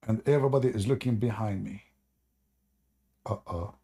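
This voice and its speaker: A man's voice: mid-range voice, moderate pace, gravelly, dark tone, slightly rough. A man with an Arabic accent, a native Arabic speaker, hosting a live channel and telling rambling, self-mocking stories, chuckling often. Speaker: host of a live call-in channel. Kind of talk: casual storytelling to a live audience.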